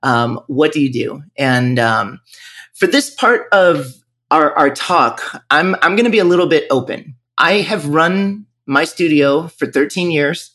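Speaking at a measured pace, this man has a voice on the high side, expressive and sharp in tone. He owns a music school, comes from northern Virginia, and is reflecting openly in a podcast interview, repeatedly restarting his sentences.

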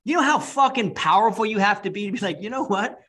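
A man who coaches public speaking, a podcast guest in casual chat, excited, ramped up and profane. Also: high-pitched, fast talker.

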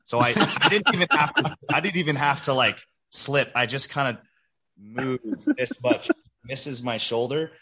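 A man's voice: mid-range voice, moderate pace, noisy background. A man co-hosting a podcast, telling offhand anecdotes in casual chat. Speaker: podcast co-host.

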